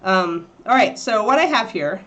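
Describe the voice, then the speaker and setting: A woman's voice: expressive, normal speed, a bit bright, muffled recording. A woman hosting a livestream, chatting casually and rambling while she paints miniatures. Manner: rambling and chatty, baby-talking to her dog in a high voice.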